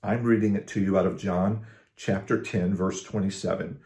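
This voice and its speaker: A man giving a casual devotional talk as a pastor, conversational, with restarts and slow emphasis on scripture. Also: deep voice, steady tone, dark tone, reverberant.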